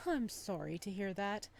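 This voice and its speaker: A woman reading aloud the lines of a soft-spoken, possessive male psychiatrist in a visual novel, in a calm, quietly unsettling tone. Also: mid-range voice, creaky, heavily acted.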